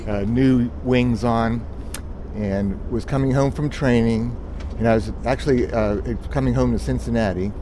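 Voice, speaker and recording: Relaxed male pilot telling an anecdote, mid voice, audible outdoor noise. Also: lowish voice. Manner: easygoing, chuckling anecdote telling. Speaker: airline captain, podcast co-host. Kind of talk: casual storytelling.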